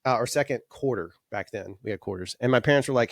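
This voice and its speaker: A man in his forties, a podcast guest telling rambling, animated anecdotes full of restarts. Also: medium pitch, fast talker, gravelly, dry recording, clean studio sound. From Alabama. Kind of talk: casual storytelling.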